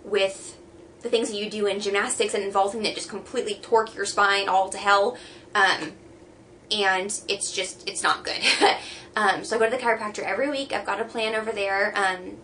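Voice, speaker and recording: A young woman talks casually to camera, slightly out of breath and halting, with many pauses and fillers. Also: medium pitch, fairly even intonation, fairly bright tone, slight background noise. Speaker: vlogger.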